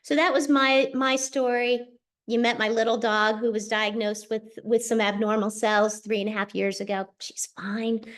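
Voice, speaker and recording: A middle-aged woman hosting a show, telling a personal story in a chatty, animated way over a video call. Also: a little high. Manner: chatty, animated, quick asides. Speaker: host sharing a personal testimonial. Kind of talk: casual storytelling.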